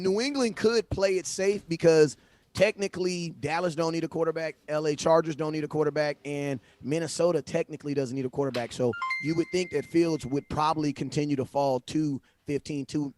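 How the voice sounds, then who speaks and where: A man hosting a livestream, talking sports in a casual, animated, slangy way and often repeating himself. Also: a little high, normal speed. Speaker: livestream host. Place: home livestream setup. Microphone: phone.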